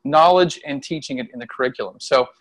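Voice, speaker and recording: A middle-aged man, a Chinese medicine practitioner, telling a story in casual conversation from home over a video call, animated and laughing often. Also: medium pitch, quick pace. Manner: animated, acts out voices when quoting people, laughs often. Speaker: Chinese medicine practitioner and qigong healer, interview guest.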